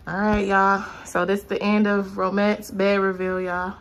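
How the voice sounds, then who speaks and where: A woman's voice: mid-range voice, level tone, unhurried, a little hiss or hum. A young woman chatting casually to her viewers in a vlog, often out of breath. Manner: chatty, addresses viewers directly. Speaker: vlogger. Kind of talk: casual vlog chat to camera.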